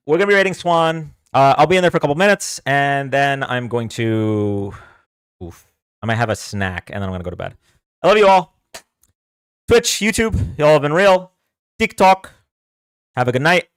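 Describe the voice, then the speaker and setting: Laid-back male livestreamer, smooth clear voice. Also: medium pitch, normal speed, long pauses, dry recording, clean studio sound. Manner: chatty and loose, laughs easily, frequent fillers. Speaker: livestream host. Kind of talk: casual livestream chat.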